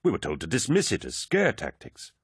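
A man voicing an older male scholar and advisor, calm and rational, in a reassuring, reasoning manner as an audiobook character voice. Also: fairly low pitch, fairly quick, slightly rough, no room sound, studio quality, heavily acted.

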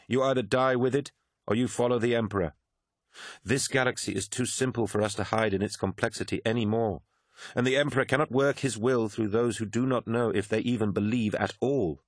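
A man reading an audiobook, voicing a woman prophet who speaks calmly and with certainty, solemn and resolute. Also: mid-range voice, dry recording, clean studio sound, voice pushed up, lightly acted.

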